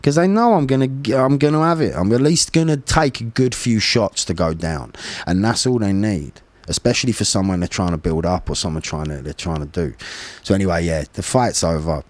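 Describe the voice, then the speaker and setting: Brief: man in his 40s, deep voice, blunt and animated storyteller who swears a lot, dry close-miked sound. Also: fairly quick, no room sound. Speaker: podcast guest, former bare-knuckle fighter. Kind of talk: casual storytelling conversation.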